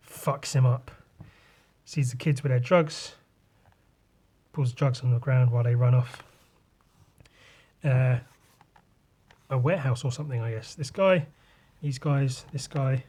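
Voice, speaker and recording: Podcast host, male, chatty and profane, voice a touch rough, mid-range pitch. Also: steady tone, measured pace, pauses often, a little mellow. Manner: loose, sweary and rambling, with sighs and asides. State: voice a bit rough today. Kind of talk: casual comic walkthrough.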